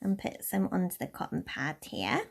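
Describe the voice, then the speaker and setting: A young woman from Somerset giving a relaxed, chatty nail care tutorial in a lightly posh English accent. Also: fairly low pitch, moderate pace, vocal fry. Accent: posh-leaning southern English. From Somerset, England. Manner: chatty, relaxed, with soft laughs. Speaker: beauty tutorial host.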